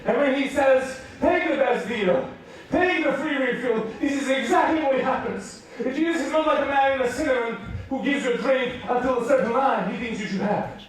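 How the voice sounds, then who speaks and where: High-voiced preacher in an echoey hall. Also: male voice, fairly quick, hardly any pauses. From United Kingdom. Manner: animated, acts out voices, laughs often. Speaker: youth preacher. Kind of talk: storytelling sermon. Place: large hall at a school rally. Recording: echoey hall, distant mic.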